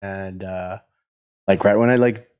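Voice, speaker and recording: A man's voice: low voice, fairly even intonation, a little slow, a little mellow, smooth. A man in casual podcast chat, telling a rambling, profane, laid-back story.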